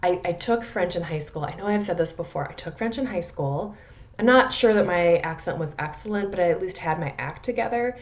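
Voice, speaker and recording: A Midwestern American woman with a lowish voice and lively intonation talks briskly as she reviews perfumes, chatting casually and rambling a bit. The perfume vlogger is chatty and self-deprecating, often restarting her sentences. The audio has its highs cut off.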